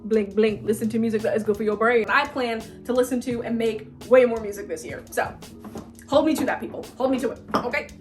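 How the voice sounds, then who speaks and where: A woman in her late twenties talks straight to camera in a casual vlog, blunt and emphatic. She hammers her points home by saying them twice. Her voice sits a little high, and soft music plays underneath. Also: a little fast. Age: late 20s. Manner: emphatic, blunt, repeats lines for effect. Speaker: vlogger.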